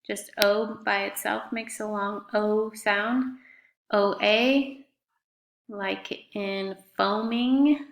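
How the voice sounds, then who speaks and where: A woman's voice: medium pitch, steady tone, drawn-out words, vocal fry. A woman teaching a fifth grade class in a recorded remote lesson, speaking patiently and spelling out words letter by letter. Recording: echoey room.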